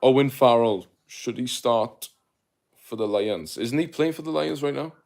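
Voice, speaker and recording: A man's voice: mid-range voice, a little slow, gravelly, darkish tone. A young Welsh man with a South Welsh accent, hosting a casual livestream, rambling with lots of fillers as he reads out viewer comments. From Wales. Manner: rambling, filler-heavy, laughs easily. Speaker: livestream host.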